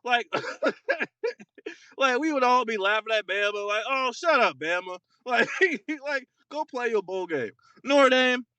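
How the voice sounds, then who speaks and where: A young man co-hosting a casual sports podcast, ranting in an animated, mocking way with lots of fillers and repeated words. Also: very high voice, takes it slowly, clear, resonant tone, no echo. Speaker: podcast co-host.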